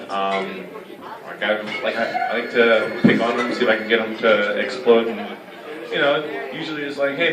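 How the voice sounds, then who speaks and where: A young man doing a stand-up comedy set, rambling and halting, full of "like" and "you know". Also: medium pitch. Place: comedy club stage. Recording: echoey room, heard from a distance. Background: audience laughter.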